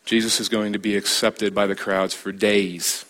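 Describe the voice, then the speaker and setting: A man preaching a sermon as a pastor, building emphasis with dramatic pauses and repeated phrases. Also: on the low side, flat delivery, fairly bright tone.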